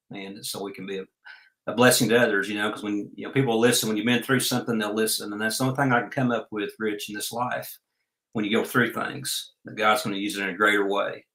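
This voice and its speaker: A man spins an unhurried, folksy yarn as a podcast guest. His voice is bright and forceful. The room around him adds a noticeable echo. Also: lowish voice, steady tone. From Oklahoma. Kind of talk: storytelling in a podcast interview.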